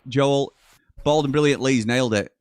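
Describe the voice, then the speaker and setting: A man's voice: medium pitch, moderate pace, clear, resonant tone, dry recording, clean studio sound. Chatty man hosting a football watchalong. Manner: chatty, reads out live chat messages, excitable at goals. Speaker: watchalong host. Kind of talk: live football watchalong commentary.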